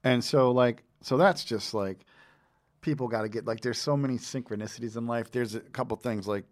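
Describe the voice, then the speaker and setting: A man's voice: medium pitch, brisk. A man hosting a podcast interview, talking in a loose, conversational way and swearing freely. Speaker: podcast host. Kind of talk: casual interview chat.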